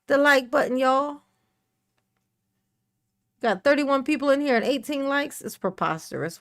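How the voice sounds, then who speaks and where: A woman's voice: high voice, animated, normal speed, long pauses. A woman hosting a casual livestream, playfully greeting chat viewers by name and breaking into bits of song. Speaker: livestream host.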